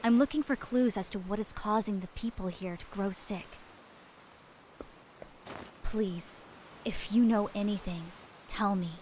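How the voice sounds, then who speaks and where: An actress voicing a calm, selfless young female apothecary in a video game, composed and earnest. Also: mid-range voice, unhurried, pauses often, slight background noise, lightly acted, rough recording. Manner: composed, earnest, soft-spoken.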